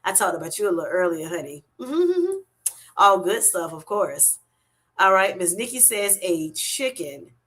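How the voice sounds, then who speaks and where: A middle-aged woman hosting a live stream, reading viewer comments aloud and chatting warmly, calling everyone honey. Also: fairly low pitch, big pitch swings, unhurried. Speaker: livestream host.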